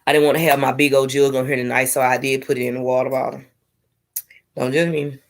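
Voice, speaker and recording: A woman's voice: extremely low pitch, level tone, fast. A young woman in casual live-stream chat, candidly talking to her viewers with sassy asides. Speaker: vlogger sharing her IVF journey.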